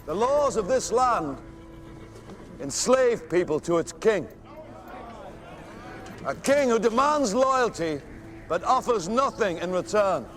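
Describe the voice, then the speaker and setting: Medieval war leader, declamatory, animated delivery over film music. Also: male voice, extremely high pitch, full character voice. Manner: measured, declamatory. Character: medieval archer-leader giving a stirring speech. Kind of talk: film drama dialogue. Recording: film soundtrack with score.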